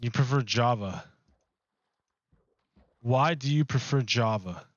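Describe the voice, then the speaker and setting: A man's voice: mid-range voice, slow, no room sound, highs cut off. A man chatting casually on a gaming livestream, rambling with lots of fillers and restarts into a close microphone. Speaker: streamer. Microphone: close desk microphone.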